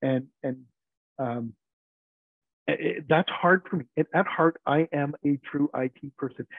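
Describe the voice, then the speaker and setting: A man's voice: on the high side, unhurried, husky, no room sound. A man, an IT team leader and interview guest, telling workplace stories casually and acting out quoted dialogue with frequent chuckles. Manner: anecdotal, acts out quoted dialogue, chuckles often. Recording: narrowband phone-like remote line, dry.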